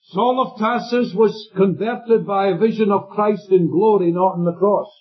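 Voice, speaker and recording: Over faint music in a dull lo-fi recording, a high-voiced man delivers an emphatic sermon at a moderate pace. He checks in with his listeners by asking them questions.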